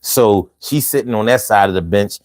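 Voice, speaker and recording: A man telling a personal story in a casual vlog monologue. He talks in a profane, slangy and animated way and often mocks himself. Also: fairly low pitch, normal speed. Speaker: vlogger.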